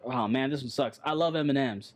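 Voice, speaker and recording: Man, casual podcast talk, rambling, blunt, mid-pitched. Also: fairly quick. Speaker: podcast co-host. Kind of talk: casual chat.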